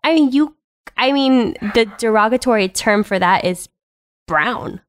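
Giggly woman with a slightly high voice. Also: expressive, a little slow. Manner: chatty, giggly, hesitant. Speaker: podcast guest. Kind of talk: casual film discussion.

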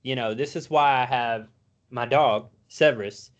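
A man in the middle of a loose podcast chat, profane and animated as he tells stories, his pitch settled in an ordinary middle register. He swears constantly and sounds easygoing. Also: a little slow, lo-fi sound. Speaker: podcast co-host. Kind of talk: casual chat.

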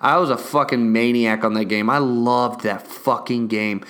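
A man's voice: mid-range voice, moderate pace. A young man ranting casually about games and a delivery mix-up, swearing constantly and getting worked up as he rambles. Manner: profane, excitable, restless storytelling.

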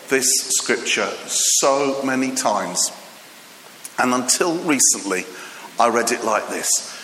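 Male preacher, bright and high, playful acted-out storytelling, recorded in a reverberant hall. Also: slight background noise. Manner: humorous storytelling with acted voices; halting restarts. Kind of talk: sermon.

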